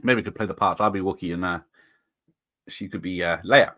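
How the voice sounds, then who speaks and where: A man's voice: low voice, a little fast, a bit bright, no room sound. A man hosting a casual live stream, rambling and chuckling as he reads out viewers' chat comments.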